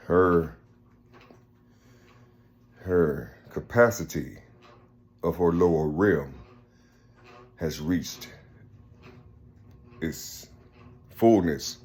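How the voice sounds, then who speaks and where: A man's voice: deep voice, very slow, pauses often, darkish tone. A man giving a rambling spiritual monologue, repeating himself often. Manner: rambling, repeats "you see" constantly.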